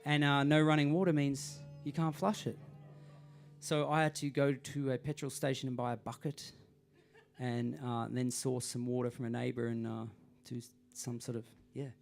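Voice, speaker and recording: Rambling musician telling a story. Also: male voice, mid-range voice, level tone, normal speed, vocal fry, soft background music. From Australia. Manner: rambling, self-deprecating, many fillers. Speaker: singer-songwriter. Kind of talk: storytelling between songs at a live gig.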